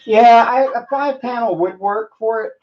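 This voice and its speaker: A man's voice: very high voice, normal speed. A man hosting a casual livestream chat and answering viewer comments in a laid-back way. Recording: distant mic, dull sound.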